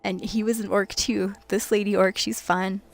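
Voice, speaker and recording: A young woman streams a video game late at night, chatting with her viewers and giggling as she plays. Her mid-range voice stays fairly level in pitch, moves at a normal speed, and carries some vocal fry. Faint music sits behind her in this casual livestream chat.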